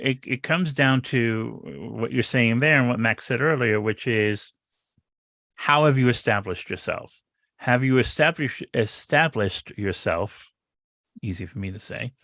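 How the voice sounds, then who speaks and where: A man's voice: mid-range voice, normal speed, bright, forceful tone, dry recording. Male podcast co-host, dry close sound, wry and rambling delivery. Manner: sardonic, rambling with repeats. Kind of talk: casual podcast chat.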